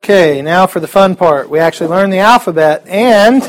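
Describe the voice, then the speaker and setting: A man's voice: high voice, normal speed. A man teaching a Greek alphabet class in a classroom, upbeat and chatty with joking asides. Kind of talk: classroom lesson.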